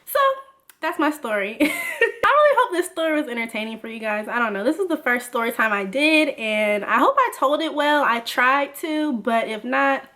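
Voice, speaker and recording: A young woman vlogger telling a casual story, animated and laughing, full of "like". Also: sits high, moderate pace. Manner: animated, laughing, lots of filler "like".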